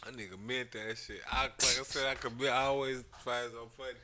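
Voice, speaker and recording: A man's voice: mid-range voice, fairly quick, slight background noise. A man co-hosting a podcast, telling stories in a loose, profane way and laughing often. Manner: animated, laughing, profane storytelling. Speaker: podcast co-host. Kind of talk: casual chat.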